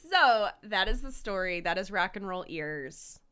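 A woman's voice: medium pitch, unhurried, clear, resonant tone. A woman co-hosting a podcast, retelling a TV episode in casual chat and acting out the quotes. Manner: animated storyteller acting out quotes. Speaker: podcast co-host.

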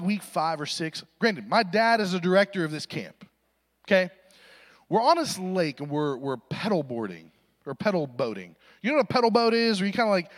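A young adult man giving a sermon, telling a funny story and acting out voices in a self-deprecating way. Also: high-pitched. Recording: reverberant hall recording.

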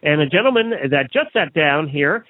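A man's voice: fairly high pitch, very animated, moderate pace, no echo. A man hosting a live radio show at a trade show, chatting with guests in a loose, joking way with many fillers. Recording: tinny phone-like sound.

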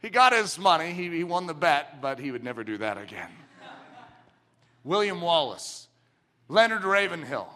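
A middle-aged man preaching a sermon with passion, moving from quiet, close talk to shouting. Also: fairly high pitch, a little slow, pauses often. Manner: impassioned, swings from quiet intimacy to shouting.

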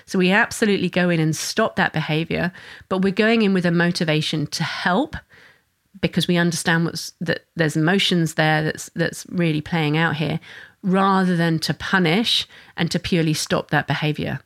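A woman's voice: lowish voice, fairly even intonation, moderate pace. A mother and parenting educator giving an earnest, flowing solo talk, often restarting her sentences. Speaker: mother of a young son.

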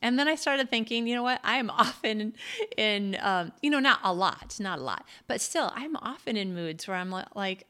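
A woman's voice: mid-range voice, animated, normal speed, sharp tone. A woman from the United States talking casually in a solo monologue, chatty and self-deprecating, laughing often. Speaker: podcast host and author.

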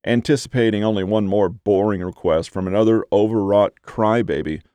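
A man narrates an audiobook from a script, keeping a measured, steady storytelling delivery. His pitch is fairly low, and the recording has no echo.

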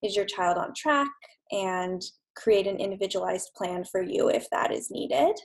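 A woman in her thirties talks as a speech language pathologist in a relaxed podcast conversation. Her middle-pitched voice stays upbeat and reassuring as she explains. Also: unhurried, creaky, rough recording. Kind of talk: casual podcast chat.

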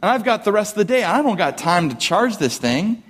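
A man in his thirties, a pastor preaching a casual, conversational sermon to his congregation, animated and joking with the room. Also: sits high, fairly quick, slightly rough. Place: church hall with live congregation. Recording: long hall reverb.

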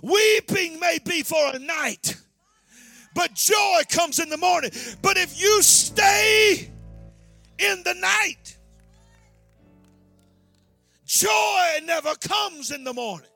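A man preaching a fiery sermon with a very high, lively voice. He draws out his words slowly, bright and forceful, and calls to the room for response. The sound is dry, with soft music underneath. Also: creaky. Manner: shouting, fervent, calls out to the congregation.

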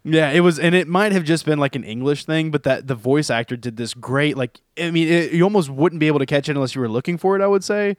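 A man co-hosting a podcast, chatting about an anime in an amused, lively way. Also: a little high, fast, hardly any pauses, no room sound, studio quality. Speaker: podcast co-host. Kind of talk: casual anime recap chat.

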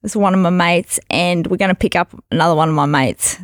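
A woman's voice: fairly low pitch, brisk, no room sound, studio quality. A young woman hosting a podcast, chatting casually and laughing through a travel story. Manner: chatty, laughs through her own stories.

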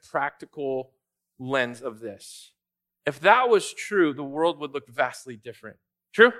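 A man's voice: on the high side, sharp tone. A younger male pastor preaching a sermon in a church, talking in a loose, conversational way with fillers and restarts. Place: church sanctuary.

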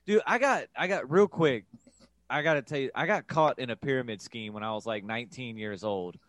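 A man's voice: mid-range voice, fairly quick, fairly bright tone, no echo, clean studio sound. A young man guesting on a podcast, joking and self-mocking in casual chat.

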